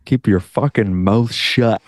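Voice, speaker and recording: A man co-hosting a comedy podcast, riffing with goofy, deadpan absurd jokes. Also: medium pitch, breathy edge, no room sound. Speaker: podcast co-host. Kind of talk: casual comedy banter.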